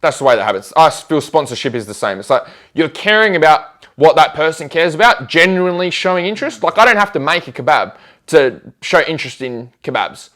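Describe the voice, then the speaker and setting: Lively fast-talking man. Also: on the high side. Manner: animated, acts out conversations in quoted voices. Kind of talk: casual storytelling chat.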